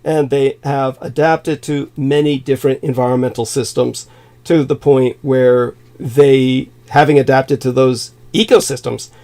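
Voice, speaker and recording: A man's voice: medium pitch, steady tone, unhurried, mellow. A man from California co-hosting a livestream, lecturing insistently and talking over interruptions. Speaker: co-host. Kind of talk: livestream conversation.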